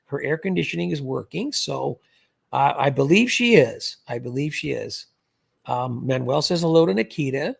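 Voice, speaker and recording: Gravelly, husky male streamer, chatty, reads comments aloud. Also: mid-range voice, animated, moderate pace. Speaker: livestream host, scam baiter. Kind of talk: casual livestream chat.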